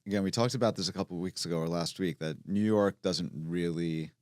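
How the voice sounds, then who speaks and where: A man's voice: sits low, brisk, dry recording. A man on a casual studio panel, explaining the market in an earnest way. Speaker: guest real estate broker.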